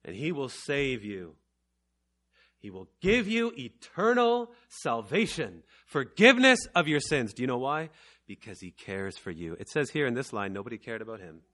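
Bright-voiced preacher with surging emphasis. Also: male voice, mid-range voice, big pitch swings. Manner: dynamic preaching, swinging from soft and slow to loud and emphatic. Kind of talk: evangelical sermon.

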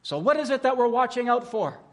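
Guy preaching a sermon, high voice, slows right down to hammer words home. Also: lively intonation. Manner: emphatic, dramatic build-ups with slowed stressed words; rhetorical questions to the listeners. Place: conference hall.

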